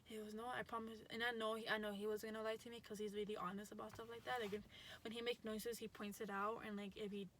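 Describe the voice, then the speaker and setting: A woman's voice: mid-range voice, little pitch movement, fast, fairly bright tone, slight background noise. A young adult woman telling a story in a casual vlog, chatty and full of fillers and restarts. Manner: chatty, lots of likes and restarts. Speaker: vlogger.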